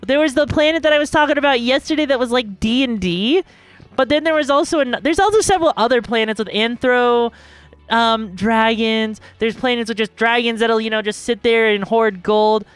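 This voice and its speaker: A woman's voice: fairly high pitch, normal speed, clean tone, no room sound. A woman streaming live, chatting loosely with her viewers in a bubbly, rambling way. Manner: bubbly, chatty, talks to chat, rambling asides. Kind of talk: casual live-stream chat. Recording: dry close mic, faint music behind.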